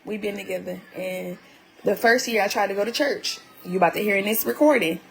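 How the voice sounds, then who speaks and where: A woman's voice: medium pitch, fairly quick, gravelly, faint music behind, rough recording. A woman venting to her viewers on a live stream, emphatic and full of repeated rhetorical questions.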